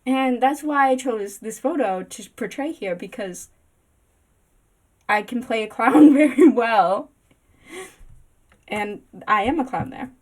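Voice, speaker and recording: A woman's voice: a little high, animated, slow, long pauses, a little mellow. A woman giving a casual slideshow vlog about a book, giggly, rambling and self-deprecating. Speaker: booktok vlogger.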